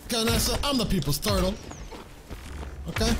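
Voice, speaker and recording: A man streaming a game, giving loud, hyped, boastful commentary full of swearing. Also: high voice, big pitch swings, a little slow, pauses often, noisy background. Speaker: gaming streamer. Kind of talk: excited gameplay commentary. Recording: game music loud behind voice. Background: loud game music.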